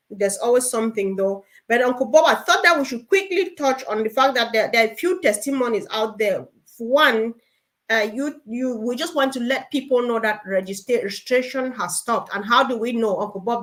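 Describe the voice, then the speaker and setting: A woman co-hosting an online group meeting, urging listeners and acting out short exchanges. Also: a little high. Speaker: meeting co-host.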